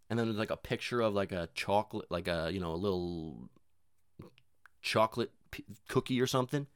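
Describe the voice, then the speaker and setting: A man's voice: lowish voice, brisk, clear, resonant tone, no echo, clean studio sound. A young man rambling casually and profanely in a self-deprecating monologue, full of fillers and restarts.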